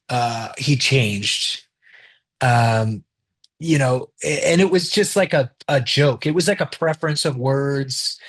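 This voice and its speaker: A man's voice: mid-range voice, husky. A man talking casually in an interview about directing his film, loose and chatty, swearing now and then and acting out what others said.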